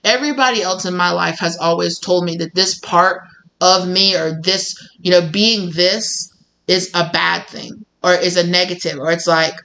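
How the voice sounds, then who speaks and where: A woman with a lowish voice gives a tarot reading at a normal pace, chatting loosely with lots of fillers. She's animated and sometimes acts out what people said. The recording is rough.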